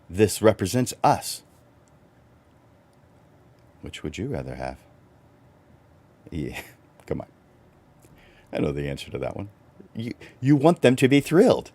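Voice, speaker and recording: A middle-aged man hosting a livestreamed business coaching talk for photographers, animated and chuckling, his voice jumping up high for emphasis. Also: measured pace, long pauses, slightly rough, dry recording. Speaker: host and photographer.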